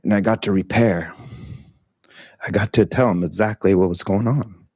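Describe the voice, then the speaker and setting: A man's voice: on the low side, fairly even intonation, normal speed, darkish tone, dry recording, clean studio sound. A middle-aged man leading a meditation talk, telling a personal story in a candid, casual way with frequent swearing, laughter and fillers.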